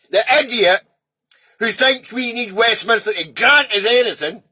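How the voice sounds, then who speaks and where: A man's voice: sits high, pushed and bright, slightly rough, no room sound. A middle-aged Scottish man ranting in a sweary, blunt and heated political monologue. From Scotland. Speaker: political video commentator.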